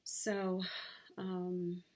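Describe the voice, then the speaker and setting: A woman vlogging from her sunlit bedroom, sharing a personal story in a candid, halting way with many fillers. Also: lowish voice, monotone, a little mellow.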